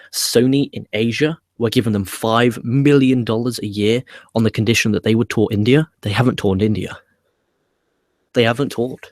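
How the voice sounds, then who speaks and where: A low-pitched man hosts a casual live stream from home, rambling through viewer questions with frequent restarts and loose swearing. The sound is dry and close, with no room around it. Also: no echo. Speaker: wrestling review show host. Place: home setup with laptop.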